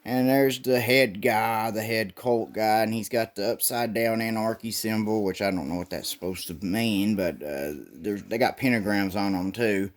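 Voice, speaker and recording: A man's voice: fairly low pitch, moderate pace, few pauses. A man casually retelling a comic book's plot in a loose, rambling way, with swearing and stumbles. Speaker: comic book reviewer.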